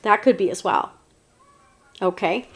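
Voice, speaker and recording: A woman's voice: medium pitch, a little slow. A woman giving a casual, chatty tarot reading to viewers, meandering with many fillers and restarts. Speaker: tarot reader.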